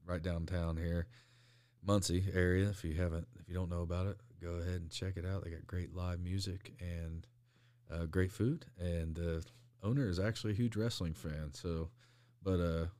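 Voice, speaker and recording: A man's voice: deep voice, steady tone, moderate pace, dark tone, dry recording. A young man, a pro wrestler guest, rambling through stories in casual interview chat and laughing often.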